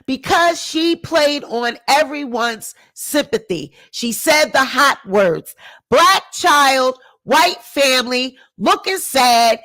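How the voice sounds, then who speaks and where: A woman giving an indignant ranting commentary to her viewers, repeating her points emphatically and swinging between sharp exclamations and low muttering. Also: animated, takes it slowly. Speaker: commentary YouTuber.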